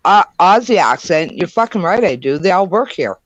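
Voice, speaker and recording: A woman's voice: on the low side, very animated, normal speed, highs cut off, crowd noise. A woman on a group video call, blunt and quizzing the others, swearing freely. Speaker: panel guest.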